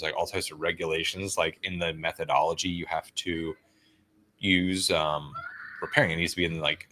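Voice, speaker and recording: Low-voiced young guy cohosting a movie watch stream, bright punchy tone, swears a lot, calls folks dog. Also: slight background noise. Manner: loose, profane, jokey, uses "dog" and "bro". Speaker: watch party co-host. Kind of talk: casual commentary over a film.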